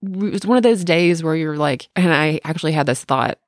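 Gravelly, candid parent co-host. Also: medium pitch, fairly quick, no room sound, studio quality. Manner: candid, animated storytelling with swearing. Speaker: podcast co-host; parent of two. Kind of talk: casual chat.

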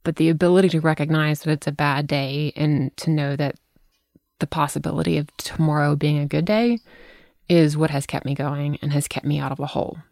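A woman's voice: low-pitched, fairly even intonation, a little fast, creaky, darkish tone, dry recording, clean studio sound. A middle-aged woman hosting a podcast, talking frankly in casual chat, swearing freely as she tells stories. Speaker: podcast host.

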